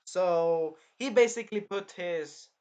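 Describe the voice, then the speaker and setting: A man co-hosting a casual review chat, excitable and breaking into shouted impressions of scenes. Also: high-pitched, slow pace. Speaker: anime review co-host.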